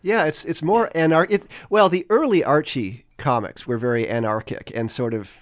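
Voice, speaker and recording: A man's voice: a little high, moderate pace. A man interviewing a guest, asking eager and admiring questions. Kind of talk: casual interview talk.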